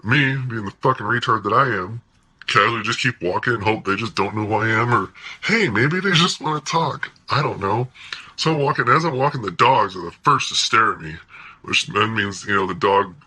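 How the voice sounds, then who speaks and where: This man's voice is on the low side yet strikingly bright and strained, husky and rough, and he talks a little fast. Vlogging casually with plenty of swearing, he recounts something from his own life, animated and frequently laughing, over poor audio.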